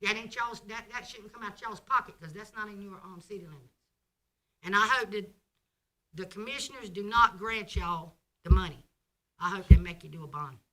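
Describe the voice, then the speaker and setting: A woman's voice: medium pitch, normal speed, pushed and bright. A woman giving an indignant, scolding public comment at a school board meeting.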